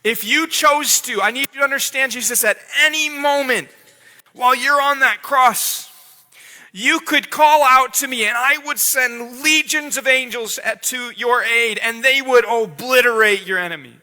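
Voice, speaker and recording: A man's voice: sits high, a little slow, bright, forceful tone, exaggerated voice. A pastor voicing God pleading with his son. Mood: urgent. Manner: intense, pleading, repeats words. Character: God the Father speaking tenderly to his son. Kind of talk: dramatic sermon role-play. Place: church sanctuary. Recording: long church hall reverb.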